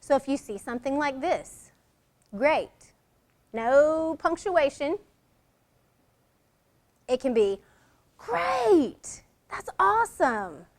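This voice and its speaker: A middle-aged woman leads a workshop in a conversational presentation. Her voice sits high, and she acts out short example lines in different tones to make a point. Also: expressive, takes it slowly, pauses often, a little mellow. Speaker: workshop leader.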